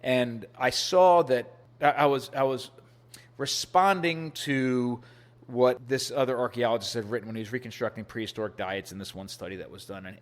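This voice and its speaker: A man guesting on a podcast, chatting casually and acting out quoted people with a lifted voice. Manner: animated storyteller, acts out quotes with rising pitch. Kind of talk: casual storytelling interview.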